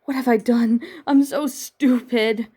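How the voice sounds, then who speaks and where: A woman's voice: on the high side, steady tone, slow pace, dark tone, breathy edge. Starfire, a woman reading as a guilty teen girl. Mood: anxious. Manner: pleading, apologetic. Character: nervous guilty teen alien girl hero. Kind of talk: amateur fan-fiction reading.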